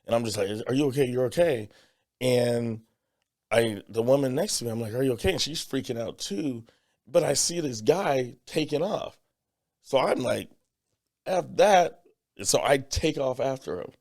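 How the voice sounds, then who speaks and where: A man tells a story on a podcast, slipping into quoted voices along the way. His voice is gravelly, with a rough fry at the bottom of his words. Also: medium pitch, normal speed. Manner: animated storyteller, acts out quotes. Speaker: podcast co-host. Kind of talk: casual chat.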